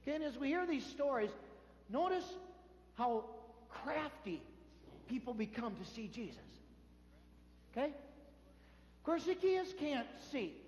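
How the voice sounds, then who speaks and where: A man giving a sermon as a priest, telling stories in a lively way and acting out the voices of the people in them. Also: extremely high pitch, measured pace, long pauses. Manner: animated storytelling, acting out voices in quotes. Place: church. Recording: echoey church hall.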